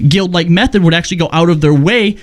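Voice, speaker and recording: A slightly high-voiced man who talks fast and drops wry remarks on a casual gaming podcast. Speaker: podcast co-host.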